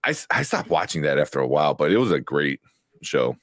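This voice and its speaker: Deep-voiced host with a Chicago accent. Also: male voice, big pitch swings, quick pace, fairly bright tone, dry recording, clean studio sound. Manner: chatty, laughs often, lots of fillers. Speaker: show host. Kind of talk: casual live-stream chat.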